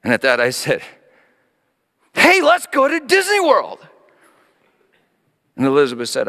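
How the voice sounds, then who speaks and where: A middle-aged man preaching with a lively, swooping delivery that climbs high when he acts out his excited kids. His voice sits higher than most men's. He tells the story as a sermon, moving between playful voices and quiet reflection. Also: a little slow, pauses often, big-room sound. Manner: animated, acting out his children's voices. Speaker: pastor.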